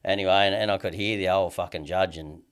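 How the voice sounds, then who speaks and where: A man's voice: low-pitched, steady tone, quick pace, smooth. Australian man, rambling, sweary storytelling. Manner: rambling, heavy swearing, frequent "you know what I mean". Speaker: podcast guest. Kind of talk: casual storytelling chat.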